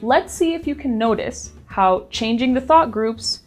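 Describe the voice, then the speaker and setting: A woman teacher giving scripted lesson narration in a clear, explanatory, evenly paced manner. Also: a little high, expressive, measured pace, faint music behind.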